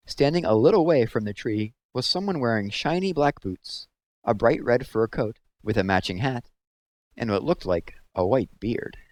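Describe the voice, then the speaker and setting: A man reading a children's book aloud with expressive storytelling, close to the mic. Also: medium pitch, moderate pace, no echo. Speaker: read-aloud host.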